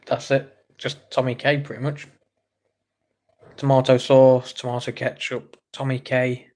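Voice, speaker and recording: A man's voice: mid-range voice, level tone, measured pace, darkish tone. A man from England hosting a casual livestream, reading chat comments aloud and joking with viewers. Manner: chatty, joking, reacts to chat messages. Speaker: livestream host.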